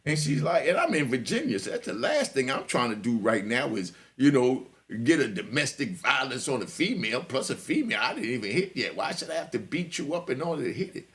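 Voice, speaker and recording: Gravelly New man telling street stories. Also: medium pitch, very animated, a little fast, hardly any pauses, fairly bright tone. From New York. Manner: laid-back, full of "you know", chuckles. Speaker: podcast host. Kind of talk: street storytelling monologue.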